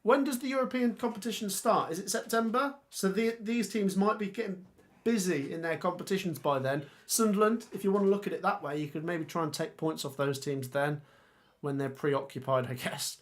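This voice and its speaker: A man's voice: high voice, a little fast. A young man hosting a casual live stream, thinking aloud about football fixtures and reading out viewer comments. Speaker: football channel host.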